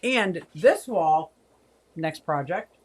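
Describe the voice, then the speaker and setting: A woman in her sixties speaks slowly but animatedly in a low-pitched voice while hosting an easygoing aquarium-channel livestream. Between frequent laughs and chatter, she reads viewers' comments out loud.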